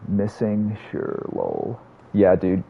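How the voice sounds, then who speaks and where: A man's voice: lowish voice, little pitch movement, extremely slow, gravelly, slightly rough. A man streaming a game, chatting casually and telling stories in a rambling, profane way. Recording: slightly muffled audio, faint room hum.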